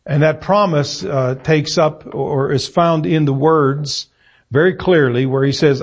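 A middle-aged man preaching an evening sermon in a church room, reading scripture and stressing words deliberately with fillers and pauses. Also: fairly high pitch, slightly rough. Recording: muffled lo-fi sermon recording.

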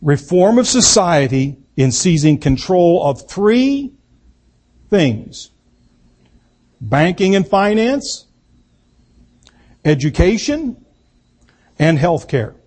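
A man giving a political speech, slow and emphatic, repeating key words for effect. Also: high voice, very animated, a little mellow. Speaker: political speaker.

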